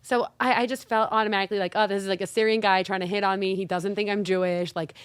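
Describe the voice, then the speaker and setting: A young adult woman co-hosting a podcast in casual chat, an animated storyteller who acts out the dialogue. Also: medium pitch, quick pace, smooth, no room sound. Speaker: podcast co-host.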